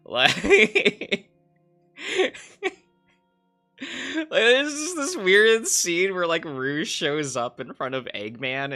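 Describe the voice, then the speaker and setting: Slow, rambling male streamer with a bright voice. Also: medium pitch. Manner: rambling, laughs often, trails off and hums to himself. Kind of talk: casual livestream chat while drawing.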